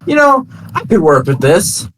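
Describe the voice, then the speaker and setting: A man voicing a big hungry male shark creature, excitable and childlike in manner. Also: high-pitched, moderate pace, slight background noise, pitched above the performer's own voice. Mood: excited.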